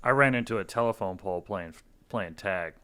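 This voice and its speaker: A man co-hosting a podcast who tells a short anecdote in quick bursts during casual chat. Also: lowish voice, a bit bright, clean tone. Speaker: podcast co-host.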